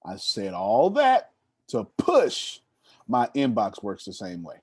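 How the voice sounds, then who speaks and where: A man in his thirties, a motivational speaker telling stories to an audience, animated and addressing the listeners directly with a teasing tone. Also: fairly low pitch, takes it slowly, breathy edge, dry recording, clean studio sound. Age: 30s. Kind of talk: storytelling talk to an audience.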